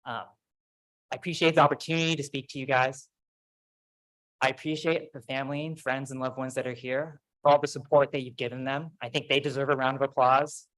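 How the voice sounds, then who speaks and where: A man's voice: medium pitch, flat delivery, a little fast, a bit bright, poor audio. A man speaking at a podium microphone in a large auditorium, giving a casual, self-deprecating ceremony speech full of stories. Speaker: faculty speaker.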